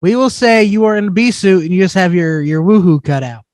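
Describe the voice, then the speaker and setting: Podcast co-host, male, high voice, wisecracking, dry sound. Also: lively intonation, fairly quick, darkish tone, no room sound. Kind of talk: joking casual banter.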